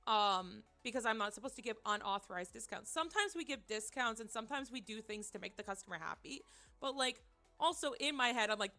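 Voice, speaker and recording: A young woman streamer telling a story in casual chat, animated and rambling, with many fillers and restarts. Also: a little high, fairly quick, faint music behind.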